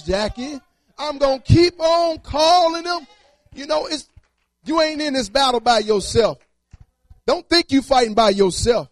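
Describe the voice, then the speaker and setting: Male preacher, very high voice, repetitive rhythmic delivery, dry close sound. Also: a little slow, no echo. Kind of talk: sermon.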